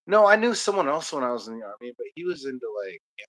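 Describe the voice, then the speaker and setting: Young man, stream host, rambling, lots of fillers, mid-pitched voice. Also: sing-song, fast, fairly bright tone. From Washington state, USA. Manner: rambling, many fillers, laughs a lot. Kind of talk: casual chat.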